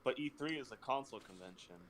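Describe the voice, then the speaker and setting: A man telling stories in an animated way and swearing freely while chatting on a game stream over a phone. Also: mid-range voice, fast talker. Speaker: stream co-host. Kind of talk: casual chat over gameplay. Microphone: phone over voice chat.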